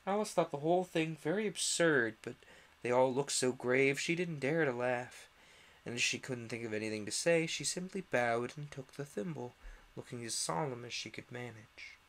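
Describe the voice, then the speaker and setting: A man's voice: mid-range voice, normal speed. Young man reading a storybook aloud. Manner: relaxed, with small slips and restarts. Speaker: streamer reading a book aloud. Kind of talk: casual storybook read-aloud.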